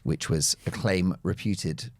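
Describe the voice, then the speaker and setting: A man's voice: deep voice, takes it slowly, dry recording. A man commenting as a talk show guest, wry and playful with self-mocking jokes. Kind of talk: opinionated talk show chat.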